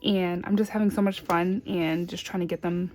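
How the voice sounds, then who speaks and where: A woman chatting casually in her vlog, bubbly and excitable, gasping and squealing over packages. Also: fairly low pitch, moderate pace. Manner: murmured counting of cash. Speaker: budgeting vlogger.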